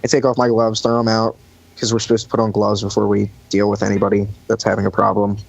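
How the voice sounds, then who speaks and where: A man's voice: on the low side, completely flat delivery, fast, creaky, no echo. Young man, podcast guest, rambling storyteller, dry dull recording. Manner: rambling storyteller with many fillers, acts out quoted voices. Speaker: podcast guest recounting lifeguard job. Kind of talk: casual chat.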